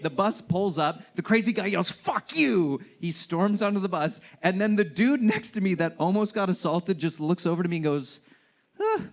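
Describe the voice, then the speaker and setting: A young man doing a stand-up set, telling self-deprecating stories and acting out shouting strangers. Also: high voice. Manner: storytelling, self-deprecating, acts out shouting characters. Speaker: stand-up comedian. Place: comedy club stage with laughing audience.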